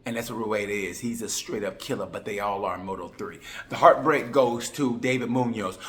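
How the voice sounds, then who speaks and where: A man from Oklahoma with an Oklahoma accent, giving a rambling, jokey race review with sudden loud bursts. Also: lowish voice, a little fast. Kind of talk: comedic sports commentary.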